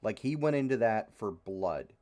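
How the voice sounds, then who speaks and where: A man's voice: on the low side, animated, moderate pace, darkish tone. A young man hosting a casual podcast, rambling and frustrated, with many fillers and free swearing. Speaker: podcast host. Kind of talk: casual opinionated chat.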